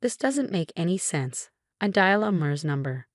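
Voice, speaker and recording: Low-voiced woman narrating a story. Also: big pitch swings, moderate pace, no echo, studio quality. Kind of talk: first-person story narration.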